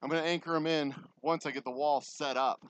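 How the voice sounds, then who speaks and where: A man's voice: fairly high pitch, steady tone, a little fast, smooth, poor audio. A man with a Texan accent, casually talking viewers through a framing job on a construction site, thinking aloud with self-deprecating asides. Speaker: distillery owner vlogging construction. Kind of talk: casual vlog while working. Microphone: camera mic, moving around off camera.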